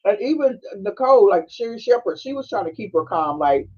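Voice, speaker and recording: A high-pitched man hosts a casual podcast, chatting through a movie scene by scene with a Black flavor. He acts out the characters' lines and breaks into laughter often. The sound is a bit dull and lo-fi. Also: brisk, breathy edge. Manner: animated storytelling with frequent laughing and quoted voices. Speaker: podcast host. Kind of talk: casual movie recap chat. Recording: dull lo-fi streaming audio.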